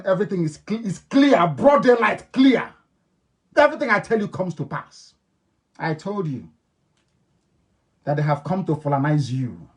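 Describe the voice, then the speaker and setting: A man with an Igbo-influenced Nigerian accent, a native Igbo speaker, gives an impassioned radio address to his followers. He is emphatic and repetitive, swinging between loud declarations and low, intense tones. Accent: Nigerian, Igbo-influenced English. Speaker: political leader broadcasting to followers.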